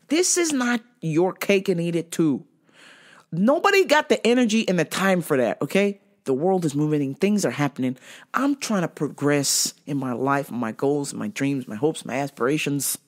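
A woman's voice: low voice, measured pace. A woman hosting a podcast, ranting profanely through a casual solo monologue and telling stories with lots of energy. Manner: profane, ranting, animated storytelling. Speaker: podcast host.

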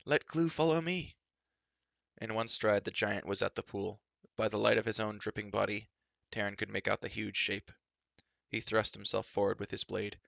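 Male storybook reader, low gravelly voice, dramatic read. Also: monotone, moderate pace, pushed and bright, no room sound. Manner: dramatic narration. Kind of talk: live storybook reading.

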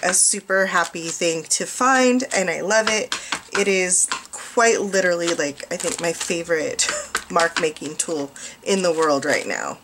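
Middle-aged American woman, casual art tutorial host, rambling and self-mocking, mid-pitched. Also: a bit bright, slight background noise. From United States. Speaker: art journaling teacher. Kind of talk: casual craft tutorial narration.

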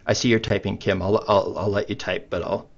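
Man, low gravelly voice, relaxed webinar presenter, muffled call audio. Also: brisk. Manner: conversational, many fillers. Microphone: computer mic on video call. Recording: muffled online meeting audio.

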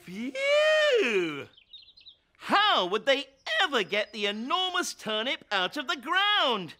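A man narrating a children's story in a playful, expressive way, inviting children to join in. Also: extremely high pitch, measured pace, a little hiss or hum. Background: children's music.

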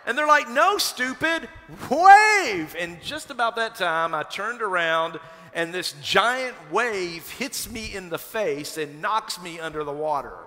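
Bright-voiced preacher in an echoing sanctuary. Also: male voice, high voice, measured pace. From Kentucky. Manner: conversational, building to animated storytelling. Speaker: pastor. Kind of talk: sermon with personal storytelling. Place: church sanctuary. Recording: long hall reverb from a church sanctuary.

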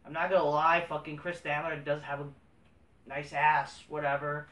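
Profane, ranting man with a bright voice. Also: a little high, little pitch movement, moderate pace, distant mic. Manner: profane, ranting, swings between muttering and heated outbursts. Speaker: host of a wrestling review channel. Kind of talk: casual solo review vlog. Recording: roomy sound, away from the mic.

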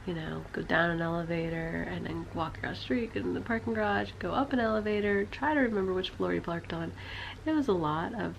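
A young woman and mother narrating a casual family vlog, quiet and low as she recounts, loud and high when she talks to her babies. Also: vocal fry, a little hiss or hum.

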